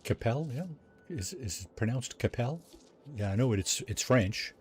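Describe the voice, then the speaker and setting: A streamer chats casually while playing a game live, reading chat aloud and joking with viewers. His medium-pitched voice is expressive and measured in pace, with a little hiss or hum in the audio.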